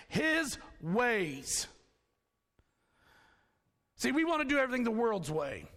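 A man preaching a sermon, with a high, gravelly voice that swings widely in pitch. He tells homely stories and chuckles at his own jokes, and his voice rings with long reverb. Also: a bit bright. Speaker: pastor.

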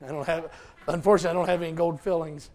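A male pastor preaching a folksy, animated sermon with asides to the congregation. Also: fairly high pitch, rapid-fire.

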